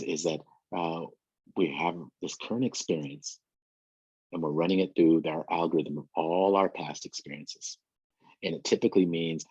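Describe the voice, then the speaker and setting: A man's voice: low-pitched, a little mellow, slightly rough, no room sound, lo-fi sound. A man giving a training presentation who explains ideas through everyday examples and speaks straight to his listeners.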